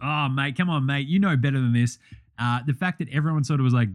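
A man's voice: mid-range voice, fast. A young Australian man hosting a basketball podcast, ranting bluntly and swearing often. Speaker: podcast host. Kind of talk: profane basketball commentary.

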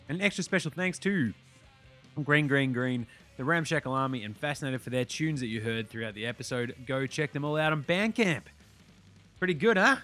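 A man's voice: on the high side, pushed and bright. A man hosting a daily podcast, wrapping up the episode in a loose, casual way, swearing freely and rattling off plugs. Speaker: podcast host. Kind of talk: casual show sign-off.

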